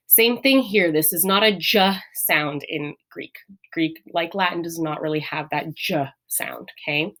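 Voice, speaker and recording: A woman's voice: medium pitch, a bit bright. A woman teacher giving a recorded lesson. She explains each step patiently and keeps checking in with "right?" and "all right?".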